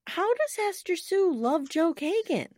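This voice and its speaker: Lively, laughing woman podcast co-host. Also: extremely high pitch, a little slow, a little hiss or hum. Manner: animated, laughs often while talking. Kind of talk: casual chat.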